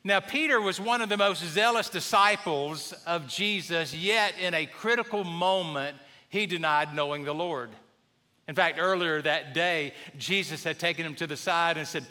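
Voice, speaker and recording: Male pastor, chatty funny sermon, high voice, church hall echo. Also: moderate pace, bright, forceful tone. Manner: conversational storytelling with humor. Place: church sanctuary.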